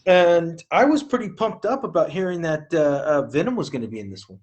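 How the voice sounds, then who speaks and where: A man co-hosting a casual movie review podcast, speaking in a measured, hesitant way with many pauses. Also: a little high, lively intonation, lo-fi sound, crowd noise.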